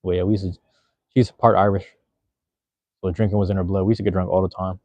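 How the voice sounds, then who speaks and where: Fast-talking, low-voiced young man chatting. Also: little pitch movement, warm tone, no echo, dull audio. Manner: loose, rambling, profane street slang. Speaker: livestream host. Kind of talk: casual livestream chat reading viewer comments.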